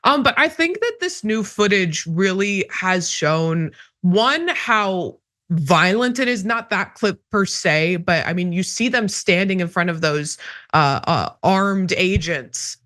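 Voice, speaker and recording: A woman's voice: medium pitch, expressive, takes it slowly, a bit bright. A woman giving political commentary on a news show, sarcastic and emphatic, laughing between points. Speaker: co-host commentator.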